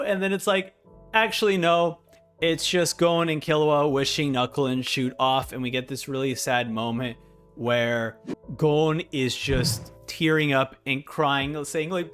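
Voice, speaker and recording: A young man in casual review commentary, talking with a slightly high-pitched voice. He is excitable and swings between hyped outbursts and somber stretches. Faint music plays underneath. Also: a little slow, clean tone. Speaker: anime reviewer.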